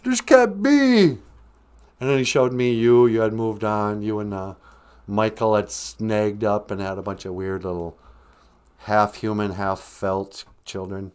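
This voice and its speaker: A man's voice: fairly low pitch, darkish tone, clean tone. A man hosting a live-stream podcast, telling a comic story with jokey asides. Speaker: podcast host.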